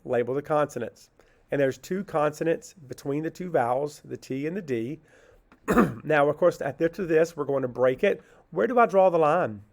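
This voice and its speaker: Teaching phonics to kids, a man asks a question, answers it himself, then breaks words into syllables. His voice sits on the high side, expressive and touched with vocal fry, and he goes slowly and patiently.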